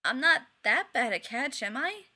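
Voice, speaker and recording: Girl reading a goofy teen jock, begging and coaxing, kinda bright voice. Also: high-pitched, very animated, normal speed, heavily acted. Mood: wheedling. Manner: wheedling, pleading, casual. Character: goofy, easygoing teenage jock boy.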